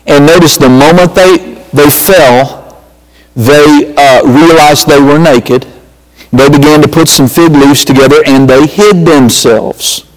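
A man's voice: on the high side, takes it slowly. Man preaching a sermon in a reverberant hall. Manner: emphatic preaching with call-outs and repeated phrases. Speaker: pastor.

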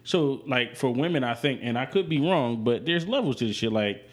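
A man in his thirties talks in a loose, rambling way, full of profanity and false starts. His voice sits at a middling pitch, and he keeps the casual chat going as a podcast co-host. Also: expressive, brisk. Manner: candid, profane, rambling with restarts.

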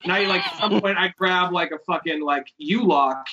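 A man's voice: high voice, normal speed, highs cut off, noisy background. A man hosting a podcast, telling rambling, profane stories in casual chat. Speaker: podcast host.

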